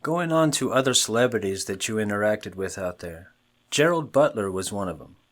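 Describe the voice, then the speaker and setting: A man hosts a talk show and puts steady, measured questions to his guest. His voice sits on the lower side. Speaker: host. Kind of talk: interview questions.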